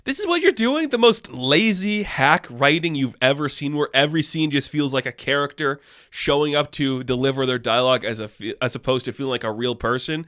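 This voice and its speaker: A man's voice: mid-range voice, a little fast, few pauses, fairly bright tone. A man giving a casual review, exasperated, sarcastic and swearing often. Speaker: video reviewer.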